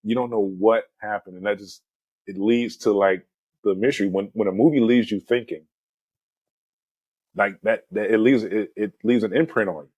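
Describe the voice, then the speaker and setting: A man in his forties with a lowish, breathy-edged voice hosts a casual movie chat at normal speed. He retells scenes with animated, rambling energy, constantly saying "man" and "you know." The lo-fi audio is dry, without room echo.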